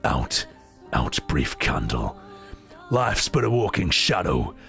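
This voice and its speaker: A man doing a gruff, earthy medieval man. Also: sing-song, bright, forceful tone, soft background music, heavily acted. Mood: brooding. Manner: gruff, low, slow brooding recitation. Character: rough, earthy medieval man, brooding and weary.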